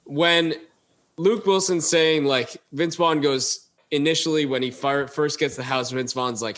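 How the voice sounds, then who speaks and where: A man's voice: on the high side, fairly even intonation, unhurried, fairly bright tone. A man co-hosting a podcast, chatting casually and acting out movie lines between laughs. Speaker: podcast co-host. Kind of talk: casual chat.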